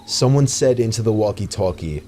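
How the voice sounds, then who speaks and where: A man narrating a true scary story in a steady, scripted storytelling delivery. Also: fairly low pitch, normal speed, a little hiss or hum.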